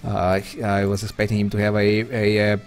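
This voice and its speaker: A man's voice: on the low side, monotone, moderate pace, faint music behind. A man chatting loosely with viewers while streaming an online poker game, rambling and self-deprecating. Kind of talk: live-stream chat while playing.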